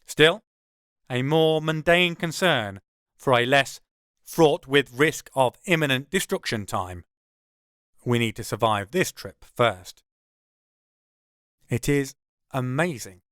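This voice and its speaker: A man's voice: medium pitch, expressive, takes it slowly, long pauses, fairly bright tone, smooth, no echo, clean studio sound. A man, narrating his own first-person audiobook in a wry, conversational way.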